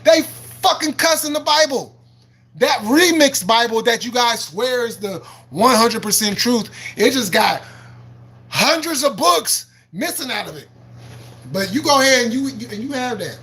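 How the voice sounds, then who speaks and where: High, bright-voiced man ranting on a livestream. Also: expressive, normal speed, husky. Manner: combative, profane, repeats himself, laughs often; preachy and argumentative, quoting scripture. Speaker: livestream host. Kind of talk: live-stream rant answering chat.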